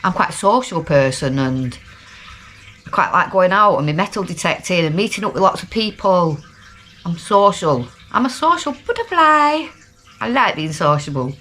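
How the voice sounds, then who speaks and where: A woman's voice: lowish voice, expressive, moderate pace, fairly bright tone. A middle-aged woman from Lancashire with a Lancashire accent, talking casually and rambling in a down-to-earth video diary. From Lancashire, England. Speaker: vlogger.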